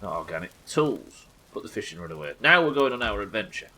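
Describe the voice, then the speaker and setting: A man's voice: on the low side, big pitch swings, quick pace, bright, forceful tone, rough recording. A young man streaming a game live, chatting to viewers and thinking aloud as he plays, swearing freely. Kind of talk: live gameplay commentary.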